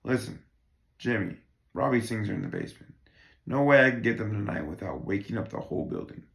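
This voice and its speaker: A man cold-reading a play, voicing a polite, guarded young woman who speaks in a hesitant, measured way. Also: fairly low pitch, lively intonation, vocal fry, fairly bright tone. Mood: explaining. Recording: roomy echo.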